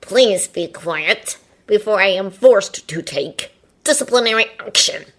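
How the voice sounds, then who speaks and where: A woman's voice: fairly low pitch, animated, a little fast, a bit bright. A woman voicing a stern, earnest teenage boy who scolds in stiff, formal speech, in a fanfiction audiobook reading.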